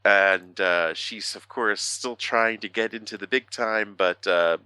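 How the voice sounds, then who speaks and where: A man's voice: on the low side, pushed and bright, clean tone, no echo. A man co-hosting a podcast, rambling through a casual chat full of fillers and the odd swear word. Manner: rambling, profane, halting with many fillers. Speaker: podcast co-host.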